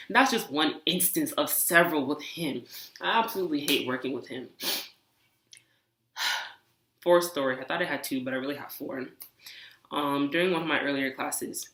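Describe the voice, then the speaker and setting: A young woman studying engineering, telling animated, exasperated stories in a casual vlog. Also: deep voice, echoey room. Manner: animated, exasperated, talks with hands. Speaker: engineering student vlogger.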